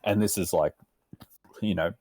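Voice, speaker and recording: A deep-voiced Australian man yarns away as a podcast guest, cursing in nearly every line and wandering through his stories. His voice is low and sits dry and close, with no room around it. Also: normal speed, dry recording. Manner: profane, rambling, acts out quotes in animated voices. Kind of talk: casual chat.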